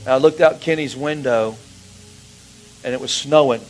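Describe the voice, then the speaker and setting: A man preaching a sermon, telling a personal story with emotion, his voice dropping to a hush and rising again. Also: mid-range voice, moderate pace, soft background music, rough recording. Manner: emotional storytelling, swings from hushed to raised.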